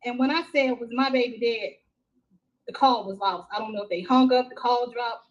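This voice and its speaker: A middle-aged woman from Texas, a mother telling her story in a live-stream interview, halting and repeating herself with many fillers. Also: fairly high pitch, steady tone, lo-fi sound. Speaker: grieving mother, interview guest. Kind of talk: emotional first-person account in a live-stream interview.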